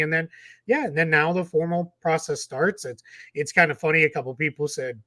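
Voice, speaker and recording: A man's voice: fairly high pitch, fairly quick, fairly bright tone, no room sound. A man co-hosting a sports talk podcast, talking casually and rambling, with many restarts and repeated words. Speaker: podcast co-host.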